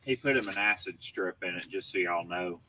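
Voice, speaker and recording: A man's voice: deep voice, brisk, pushed and bright, a little hiss or hum, low-quality recording. A man co-hosting a live cigar show, joking and teasing in casual banter. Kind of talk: casual live-stream chat.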